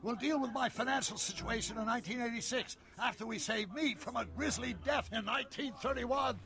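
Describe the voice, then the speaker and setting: A man voicing an eccentric elderly male scientist in a video game, talking in an animated, exclaiming way over game music. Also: extremely high pitch, fairly quick, vocal fry. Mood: excitable. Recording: game audio with music behind.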